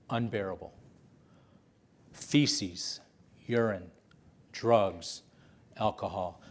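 A male preacher delivering a sermon as a story, impassioned and steady in pitch. He repeats phrases to drive each point home.

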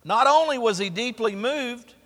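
Man pastor, high bright voice, preaching sermon with call-and-response, church hall reverb. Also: lively intonation, moderate pace.

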